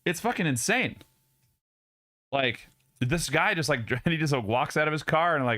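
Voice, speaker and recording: Animated, loose-talking young man streamer. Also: fairly high pitch, normal speed, pauses often. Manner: loose, profane, rambling with many restarts. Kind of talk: casual live stream chat. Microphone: studio dynamic mic.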